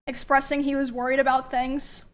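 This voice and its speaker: Woman, high voice, flat delivery, reading a statement, hesitant pauses. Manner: measured, hesitant with fillers.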